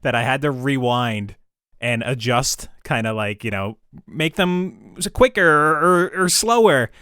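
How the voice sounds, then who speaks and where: A man's voice: mid-range voice, animated, measured pace, clear, resonant tone, no echo, studio quality. A man co-hosting a podcast, rambling casually and laughing, sometimes dropping his voice. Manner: rambling, laughing, drops soft at times. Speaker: podcast co-host. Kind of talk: casual chat.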